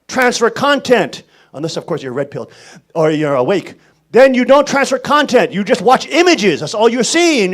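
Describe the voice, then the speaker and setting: A male pastor preaches with a high voice that swoops widely in pitch. He is emphatic and scolding, punching his warnings hard and then dropping low to advise. The delivery is an animated sermon.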